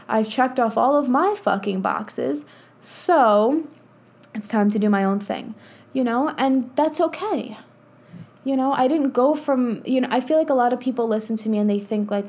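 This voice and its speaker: A woman's voice: fairly high pitch, a little mellow. A woman in her thirties hosting a casual motivational monologue as a spiritual coach, blunt and profane, laughing often. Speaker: podcast host and spiritual coach.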